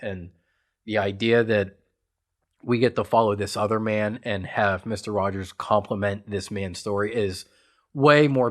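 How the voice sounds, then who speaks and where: A man from western Pennsylvania, a podcast co-host, eagerly recapping a film in a casual chat, rambling and leaning on lots of "like" fillers. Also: on the low side. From Pittsburgh area, USA. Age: adult parent. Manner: enthusiastic rambling storyteller with many "like" fillers.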